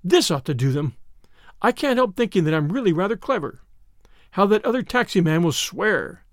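A man voicing a bold, quick-witted young woman adventurer who talks in a brisk, self-assured way, in an audiobook reading. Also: high voice, very animated, no echo, clean studio sound.

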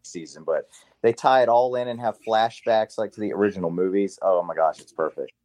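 A man's voice: lowish voice, brisk, a little mellow. A man from South Carolina with a light Southern accent, a musician guest rambling easily in a casual interview. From Charleston, South Carolina. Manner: laid-back, rambling with fillers.

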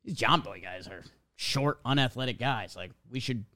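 A man's voice: medium pitch, normal speed. A young man telling a casual story as a podcast host, acting out little quotes as he goes. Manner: animated storytelling, acts out quotes.

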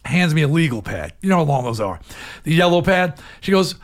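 Man, 60s, interview guest, fairly high voice, candid storytelling, loud emphatic bursts, hushed asides. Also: a little fast. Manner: animated, swings from loud emphatic outbursts to low hushed asides.

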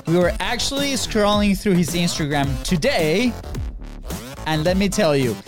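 A man co-hosting a business podcast in casual chat, upbeat and quick to laugh. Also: high-pitched, lively intonation, music in the background. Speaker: podcast co-host.

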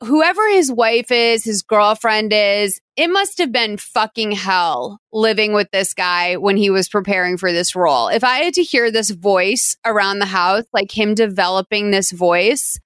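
A woman co-hosting a podcast, chatting casually about a movie with quick asides and frequent laughs. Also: medium pitch, animated, a bit bright, smooth, no echo, studio quality. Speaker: podcast co-host.

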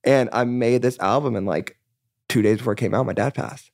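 A young man from California talks very quickly in a loose, rambling way. He fills his speech with "like" and curses, and he acts out his own past conversations. The sound is dry and close, with no room echo. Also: medium pitch, creaky, a little mellow. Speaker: musician guest. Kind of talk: candid casual chat.

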